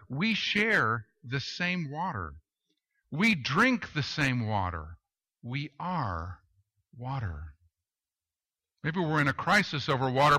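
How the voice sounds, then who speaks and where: A male pastor preaching a sermon, telling stories with deadpan humor and asking rhetorical questions. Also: fairly high pitch, poor audio.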